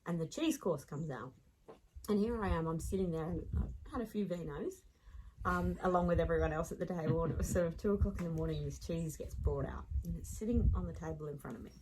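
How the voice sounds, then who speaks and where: A woman in her late thirties with an Australian accent, telling a lively personal story as a podcast guest and laughing along as she talks. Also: on the low side, fast talker, background noise.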